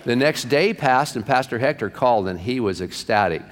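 A middle-aged pastor tells his stories in a chatty, folksy way, his voice at an ordinary middle pitch. He sounds like he is preaching in a church sanctuary. A long hall reverb rings after his words. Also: lively intonation, moderate pace. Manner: folksy, chatty, peppered with "man". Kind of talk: storytelling sermon.

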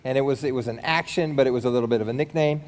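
A man's voice: mid-range voice, rapid-fire, darkish tone, in a large hall. A man preaching a sermon in a conversational, rambling way with many restarts. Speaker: pastor.

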